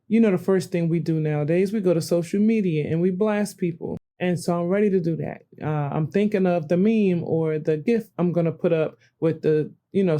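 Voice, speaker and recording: An older woman, hosting a podcast and telling a story in a rambling, animated way with frequent self-corrections. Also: fairly low pitch. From New Jersey. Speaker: podcast host. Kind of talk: casual storytelling monologue.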